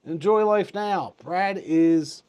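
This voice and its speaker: A man in his fifties talks through market news in a loose, chatty way. He chuckles often and drops joking asides. His voice sits a little higher than most men's. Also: takes it slowly, darkish tone, clear, resonant tone. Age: 50s. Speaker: finance channel host. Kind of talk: casual commentary.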